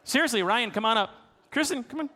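A man's voice: very high-pitched, animated, fast talker, bright, forceful tone. A man preaching as a pastor, playfully self-deprecating as he coaxes the congregation into a sung round. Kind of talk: sermon with congregational song leading. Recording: long reverb of a large hall.

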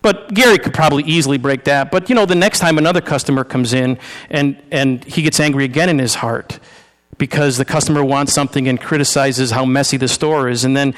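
A man's voice: mid-range voice, fairly quick. A male pastor preaching an informal sermon, often repeating and restarting words as he talks with his congregation during a demonstration. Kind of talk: conversational sermon with live demonstration. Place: church sanctuary. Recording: long reverb of a large hall.

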